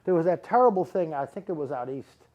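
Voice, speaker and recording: A middle-aged man works a live audience as a psychic medium. His voice sits a little high, and he talks in rambling, emphatic runs, repeating words again and again to drive a point home. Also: expressive, fast, muffled recording. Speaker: psychic medium giving readings.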